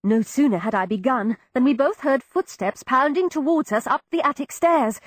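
A woman giving expressive first-person narration of an audiobook, voicing each character. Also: high voice, moderate pace, no echo, studio quality.

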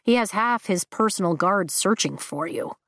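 A woman's voice: mid-range voice, expressive, normal speed, fairly bright tone, no room sound. A dry, bearded older rider, as a woman reads him.

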